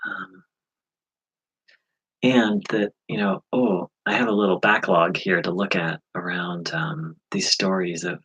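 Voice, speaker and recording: American guy musing about spiritual stuff, kinda husky low voice, lots of ums and restarts. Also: steady tone, a bit bright, low-quality recording. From USA. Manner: halting, many fillers and restarts. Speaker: spiritual teacher. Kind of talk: reflective spiritual vlog.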